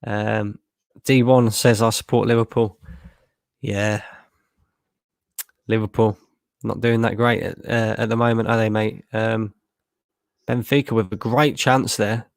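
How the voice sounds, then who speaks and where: Gravelly, low-voiced streamer guy. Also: flat delivery, measured pace, long pauses, dry recording, studio quality. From Lincolnshire, England. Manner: casual, sweary, laughs a lot, reads chat aloud. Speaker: football watchalong streamer. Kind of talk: live stream reaction, reading chat.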